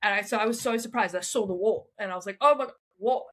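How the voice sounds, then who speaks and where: A young woman telling stories as an interview guest, animated and often laughing. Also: mid-range voice. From South Africa. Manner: animated, laughing, quick asides. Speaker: guest, freediver. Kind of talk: casual interview storytelling.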